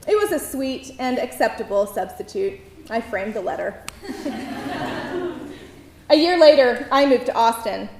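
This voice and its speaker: Woman, live stage storytelling, wry and self-mocking, high voice, roomy echo. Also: lively intonation, moderate pace, few pauses. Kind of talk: live personal storytelling performance. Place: theater stage before an audience. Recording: roomy venue echo, faint noise.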